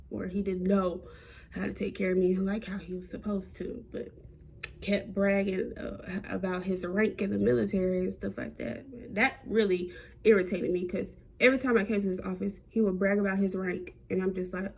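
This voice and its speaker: A young woman telling a personal story to camera in a chatty, animated way. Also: normal speed, vocal fry, slight background noise. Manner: animated, chatty, acts out quotes with big jumps in pitch. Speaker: vlogger.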